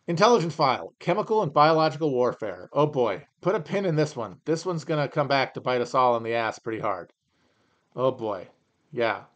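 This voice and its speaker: Sarcastic, foul-mouthed podcast host. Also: male voice, medium pitch, expressive, brisk. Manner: sarcastic, profane, rambling asides. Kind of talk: casual comedic commentary.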